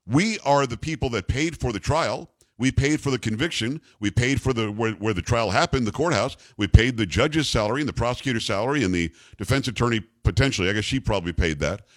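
A man's voice: medium pitch, lively intonation, fast talker, hardly any pauses, dry recording, clean studio sound. A man hosting a talk radio show, ranting indignantly and repeating the call-in number.

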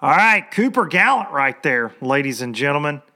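A man's voice: a little high, big pitch swings, moderate pace, sharp tone. A middle-aged man from Tennessee hosting a casual podcast interview, talking in a folksy, easygoing way and laughing often. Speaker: podcast host.

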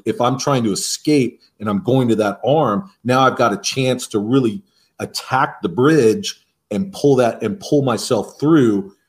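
A man who coaches defensive line, talking casually on a podcast and walking through technique step by step, often restarting his sentences. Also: on the low side.

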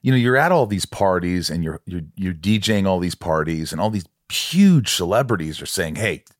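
A man's voice: low voice, very animated, brisk, no room sound, studio quality. A man hosting a podcast who asks eager, prodding questions in casual chat. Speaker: podcast host.

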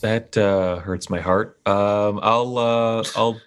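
A man's voice: on the low side, steady tone, slow pace, clear, resonant tone. A man playing a tabletop game, speaking thoughtfully with some hesitation. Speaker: player.

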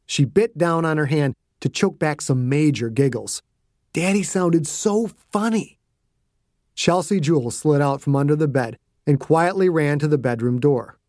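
A man who is the author, narrating his audiobook in a hushed, suspenseful way. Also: fairly high pitch, unhurried, no echo, studio quality.

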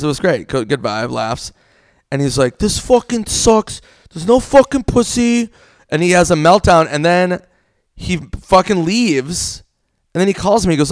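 A man's voice: on the high side, clean tone, dry recording, clean studio sound. A man telling stories in a casual podcast chat, swearing freely and rambling. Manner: profane, rambling storyteller.

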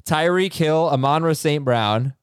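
A man hosting a podcast, reading listener questions in a relaxed, teasing way with plenty of fillers. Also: a little high, unhurried, clean tone, no room sound, studio quality. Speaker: podcast host. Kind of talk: casual chat.

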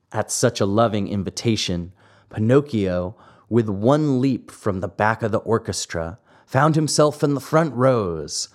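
A man reading a classic children's story aloud, slow and expressive. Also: fairly low pitch. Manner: slow, expressive, acts out the voices. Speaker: narrator.

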